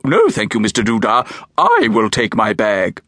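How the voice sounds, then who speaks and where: A man voicing a stern, secretive woman archaeologist who speaks in a formal, curt and hushed way for an audiobook. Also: fairly low pitch, huge pitch swings, moderate pace, no room sound, clean studio sound, full character voice. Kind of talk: audiobook character voice.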